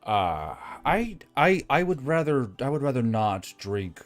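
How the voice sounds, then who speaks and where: A man's voice: medium pitch, big pitch swings, measured pace, faint music behind. A man voicing a timid, bored male elf who stammers hesitantly when cornered in a tabletop game. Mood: flustered.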